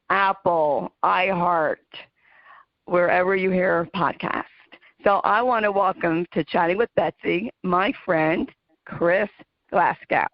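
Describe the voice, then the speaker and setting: A woman hosts a casual talk radio show in an earnest, emphatic voice, slowing to stress what matters. The sound is dry and close. It is a little muffled and lo-fi. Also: fairly low pitch, no room sound. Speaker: podcast host. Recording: dull lo-fi dry audio.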